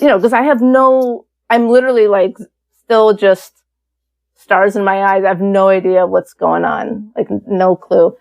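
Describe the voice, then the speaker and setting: Her mid-range, gravelly voice moves at normal speed as this woman, a guest on an interview podcast, shares her story. She's animated and candid, chatting freely with plenty of fillers.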